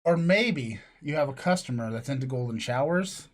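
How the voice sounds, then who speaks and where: A man's voice: mid-range voice, lively intonation, moderate pace. A man co-hosting a podcast, rambling through crude jokes in casual chat. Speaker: podcast co-host.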